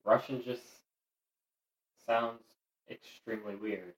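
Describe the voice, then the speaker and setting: A young man with a low voice chats casually. He is blunt and cuts in with short, matter-of-fact corrections. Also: steady tone, low-quality recording. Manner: blunt, quick interjections. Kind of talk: casual chat.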